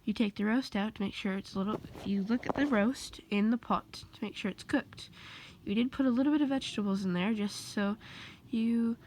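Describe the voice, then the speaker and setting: A woman's voice: mid-range voice, brisk, hardly any pauses, a little mellow, a little hiss or hum. A woman casually reading a second-person fan story aloud, rambling and correcting herself as she goes. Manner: loose, rambling delivery with self-corrections. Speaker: amateur storyteller.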